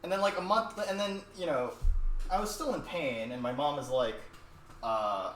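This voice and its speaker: A man's voice: a little high, big pitch swings, unhurried, a bit bright. A young man streaming while he cooks in his home kitchen, chatting casually in a rambling, profane way, picked up by a distant mic. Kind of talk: casual cooking stream chat. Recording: echoey room, distant mic, faint noise.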